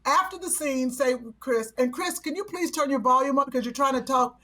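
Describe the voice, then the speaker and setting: Brief: high-voiced woman comedy podcast co-host, loud and exclamatory. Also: a little fast. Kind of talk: casual comedy chat.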